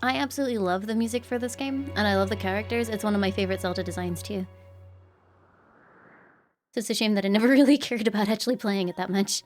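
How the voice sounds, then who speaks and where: A woman's voice: mid-range voice, fast talker, darkish tone. A young woman streaming a game live from home, chatting loosely, laughing often and thanking viewers by name. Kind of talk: live gameplay commentary. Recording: game music playing behind. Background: game music.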